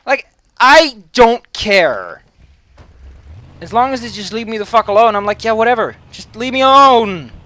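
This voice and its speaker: A man's voice: high voice, animated, moderate pace, pushed and bright, no echo. A man giving casual let's play commentary in an anxious, rambling way, swearing heavily. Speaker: gaming commentator.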